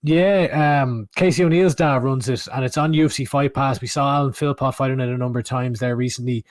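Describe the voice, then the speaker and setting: A man on a podcast, low-key and hesitant, with a lot of filler words. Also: fairly even intonation, brisk, no echo, clean studio sound. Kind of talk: casual chat.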